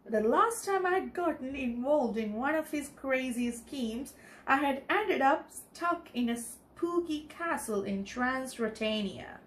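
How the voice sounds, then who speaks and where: A woman teacher from the Maldives reading a children's storybook aloud for a TV lesson. She reads slowly, and her voice sits fairly high and rises and falls a lot. She stops now and then to explain the page. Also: slight background noise.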